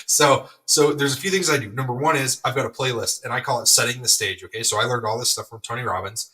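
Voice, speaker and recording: A middle-aged man hosting a podcast, telling a rambling, energetic story with lots of fillers. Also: mid-range voice, quick pace, hardly any pauses, recorded from a distance, low-quality recording. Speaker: podcast host. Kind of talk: motivational podcast monologue.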